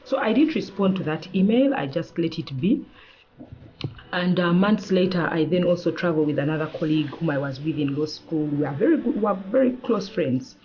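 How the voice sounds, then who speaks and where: A woman lawyer, a guest in an interview, telling a personal story in an animated way and acting out the lines of the people in it. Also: low voice, brisk, muffled recording. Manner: animated, acts out quoted dialogue.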